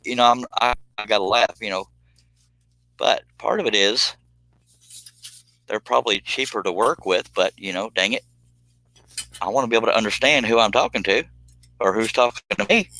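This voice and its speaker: A man talks to his live-stream viewers in a loose, joking way that keeps drifting into tangents. His voice sits a little low but has a bright, forceful edge. The sound is close and dry, with no room echo. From United States. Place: home streaming space.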